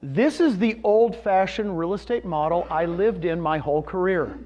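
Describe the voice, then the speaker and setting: Heard through a dull lo-fi recording, a man in his fifties gives a real estate presentation to a live audience, recounting a personal story and asking the room questions. His voice is high, a little mellow, and moderately paced.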